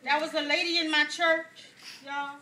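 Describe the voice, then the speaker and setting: A man's voice: very high voice, level tone, normal speed, a crowd in the background. A man playing a chatty older woman pastor, telling folksy jokes to a congregation and laughing along with them. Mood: amused preaching. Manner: folksy storytelling, laughs at own jokes, addresses congregation as y'all. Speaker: pastor giving a message. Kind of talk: stand-up comedy sermon.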